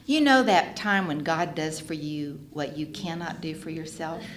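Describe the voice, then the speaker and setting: Animated woman telling her story. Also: low-pitched, moderate pace, a crowd in the background. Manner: animated storytelling, acting out other voices, emotional. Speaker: speaker sharing her recovery story. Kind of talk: personal testimony at a fellowship gathering. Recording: echoey hall with faint background noise.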